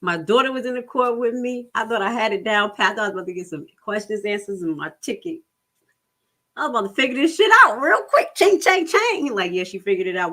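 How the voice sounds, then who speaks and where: A woman's voice: mid-range voice, bright, forceful tone. A middle-aged woman telling a personal story on a casual livestream, swearing freely and acting out the voices of other people.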